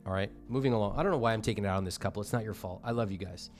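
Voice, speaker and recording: Blunt, animated man reviewing budgets. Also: lowish voice, racing, few pauses, faint music behind. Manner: blunt, animated, mock-exasperated asides. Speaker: personal finance host. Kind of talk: reviewing viewer budgets on camera.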